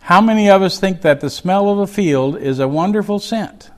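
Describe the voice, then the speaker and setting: A man's voice: sits high, moderate pace, noisy background. A man teaching a Bible chapter, reading verses aloud and explaining them in a folksy, conversational way. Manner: reads scripture aloud, then explains it in a folksy aside.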